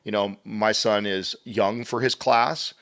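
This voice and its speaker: A man with a low-pitched voice, talking as a guest on a casual interview podcast. He tells stories animatedly, jumps into voices to act out what people said, and swears now and then. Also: slow pace. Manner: animated storyteller, acts out quotes, swears casually.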